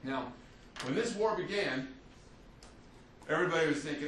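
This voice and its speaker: A man's voice: on the high side, lively intonation, normal speed, background noise. Man lecturing in an echoey classroom. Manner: conversational, acts out quotes, frequent "you see" and "right?". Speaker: history teacher. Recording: roomy, distant, faint ambience.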